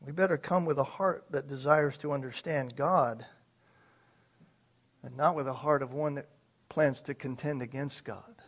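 A man's voice: medium pitch, fairly even intonation, moderate pace, slightly rough. A man preaching a sermon with emphasis, posing rhetorical questions to his listeners. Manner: emphatic, uses rhetorical questions and acted quotes.

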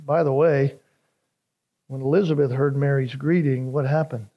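A man's voice: medium pitch, steady tone, normal speed, warm tone. A man preaching a sermon as a pastor, earnest and building emphasis as he explains scripture, with small repeats and restarts.

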